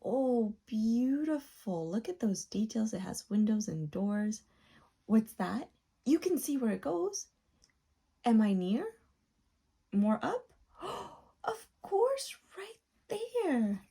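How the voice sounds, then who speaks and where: A woman hosting a children's video, narrating playfully with gasps and wide-eyed excitement to a young viewer. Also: on the high side, takes it slowly, vocal fry, long pauses, slightly rough. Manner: gasping, wide-eyed excitement, drops to a soft whisper at times. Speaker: children's educational video host.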